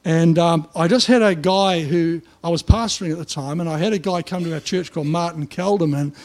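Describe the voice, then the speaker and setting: Down-to-earth New Zealand pastor. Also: male voice, fairly high pitch, fairly quick. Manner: down-to-earth, colloquial, animated storytelling. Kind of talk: sermon with personal storytelling. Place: church.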